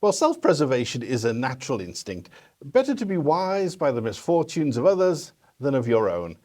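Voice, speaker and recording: A man's voice: medium pitch, huge pitch swings, moderate pace, dark tone. A man voicing a talking male viper with a British accent in a radio play, wry and teasing.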